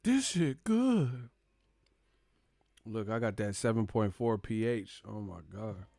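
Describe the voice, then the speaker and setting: A man's voice: fairly low pitch, flat delivery, moderate pace, vocal fry, a little mellow, dry recording. A young man hosting a live stream about boxing, casual and profane, laughing often and mimicking commentators. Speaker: boxing channel host.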